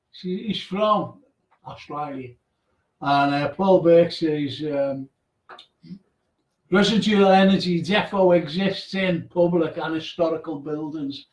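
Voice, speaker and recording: A man's voice: a little high, a little mellow, far from the mic. A man hosting a live radio show. He reads out listeners' names and messages in a chatty way, then tells a ghost story with stammering restarts. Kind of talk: casual chat, live show. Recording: echoey room, away from the mic.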